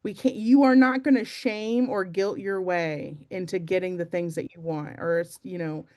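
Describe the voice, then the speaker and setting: A woman's voice: fairly low pitch, steady tone, normal speed, a little mellow. A young adult woman giving a casual, chatty motivational talk to her team, self-deprecating and full of fillers. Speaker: team meeting speaker.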